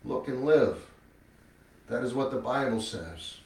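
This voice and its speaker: A man preaching a sermon and reading scripture, with emphatic rhetorical questions, swinging between loud and hushed. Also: medium pitch, animated, measured pace. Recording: echoey room, mic at a distance.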